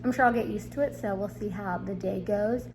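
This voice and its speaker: A young adult woman chats through a casual vlog diary, filling it with ums and likes. Her mid-range voice is gravelly and fairly quick, her S sounds airy with a slight lisp, and there's noise in the background.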